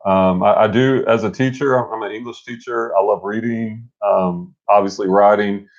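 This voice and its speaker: A middle-aged man co-hosting a casual live stream, energetic and motivational, rambling with restarts. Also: fairly low pitch, moderate pace. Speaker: co-host. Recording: dull lo-fi stream audio.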